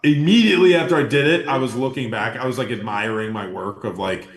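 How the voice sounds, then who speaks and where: A man hosting a podcast, telling a story in a casual, animated way, acting out the quotes and swearing freely. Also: medium pitch, quick pace. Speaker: podcast host. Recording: roomy echo.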